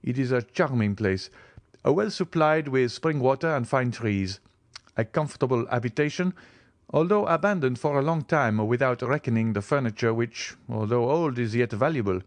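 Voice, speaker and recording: A man's voice: medium pitch, animated, moderate pace, no echo, voice pushed up, natural voice. A man voicing a plain, polite provincial notary who chatters eagerly about a sale. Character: plain, fee-minded provincial male notary.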